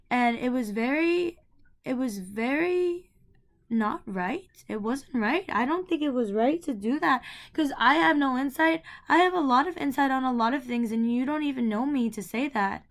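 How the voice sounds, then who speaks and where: Young woman in a heated personal rant. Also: sits high. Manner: heated, rambling, frequent fillers and repeats. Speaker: vlogger. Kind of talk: emotional personal rant to camera.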